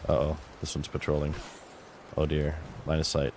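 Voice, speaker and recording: Very deep-voiced man streaming a game. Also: fairly quick, background noise. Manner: relaxed, chatty, mutters to himself while playing. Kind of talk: casual gameplay commentary.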